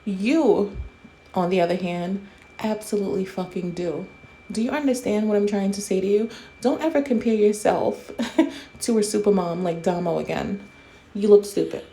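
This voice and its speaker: Blunt, mellow-voiced woman host. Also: medium pitch, moderate pace, slight background noise. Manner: blunt, profane, roasting. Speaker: commentary host. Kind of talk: casual commentary.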